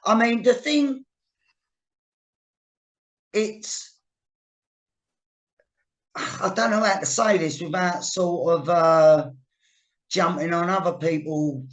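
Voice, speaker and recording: A man's voice: high voice, slow pace, long pauses. Sweary, rambling podcast host man. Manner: loose, sweary and hesitant, searching for words. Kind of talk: casual interview chat.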